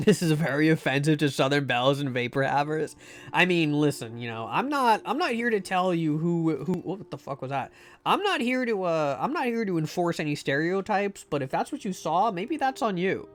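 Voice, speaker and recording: A man's voice: fairly high pitch, big pitch swings, normal speed. A man streaming a game live, rambling and joking with many fillers and restarts. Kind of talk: casual live-stream chat.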